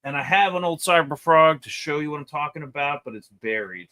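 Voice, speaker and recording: An animated man with a bright, forceful tone and a slightly high-set voice talks through comic pages in easygoing chat. He wanders into asides and breaks into laughter often. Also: brisk. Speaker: comic book reviewer. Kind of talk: casual review chat.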